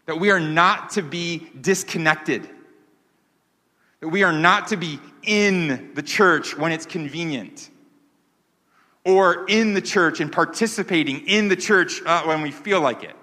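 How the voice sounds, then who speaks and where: A man's voice: a little high, pushed and bright. A man preaching a sermon as pastor, earnest and emphatic, repeating key phrases for weight. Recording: long hall reverb.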